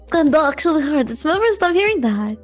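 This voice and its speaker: A woman's voice: high-pitched, sing-song, quick pace, soft background music. A young woman guest on an interview show, chatting casually, laughing often and hesitating with fillers. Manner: giggly, hesitant, lots of fillers.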